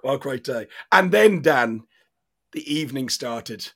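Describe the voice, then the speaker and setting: A man's voice: mid-range voice, fairly even intonation, measured pace, fairly bright tone, breathy edge. A man with an Irish accent hosting a football podcast, chatty and full of laughter. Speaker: podcast host. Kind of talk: casual football chat.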